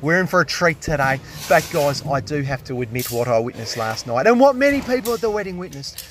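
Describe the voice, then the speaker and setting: A man with an Australian accent vlogging on a drain job, excitable and jokey, full of slang, and hungover. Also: on the high side, fairly quick. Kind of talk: casual on-the-job vlog. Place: restaurant on a job site, walking around.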